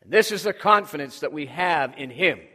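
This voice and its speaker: A man's voice: fairly high pitch, expressive, moderate pace, bright, forceful tone, slightly rough. A man preaching a sermon with emphasis, drawing responses from his congregation. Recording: long hall reverb.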